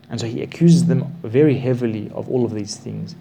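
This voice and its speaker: A man teaching a Bible class, explaining the passage with slow, emphatic stresses and repeated words. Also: mid-range voice, gravelly, warm tone, a little hiss or hum.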